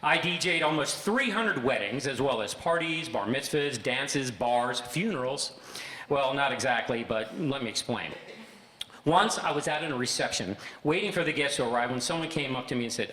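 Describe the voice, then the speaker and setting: A bright-voiced older man in his sixties tells comic stories from a stage, his pitch leaping around with lively energy. The sound rings through a big echoey hall with a long reverb tail. Every so often he slips into a booming fake DJ voice for a punchline. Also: normal speed, slight background noise. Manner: bursts into a booming fake DJ voice for jokes. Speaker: speaker giving a short stage talk. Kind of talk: humorous storytelling talk. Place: large hall with audience.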